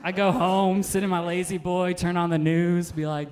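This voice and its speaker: A young man in his twenties working a stand-up stage, his voice sitting a little above the usual male range. He tells dark material in an offhand, deadpan way and leans on "um" between lines. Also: sits high, moderate pace. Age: 20s. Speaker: stand-up comedian. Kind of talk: stand-up set. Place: live comedy stage.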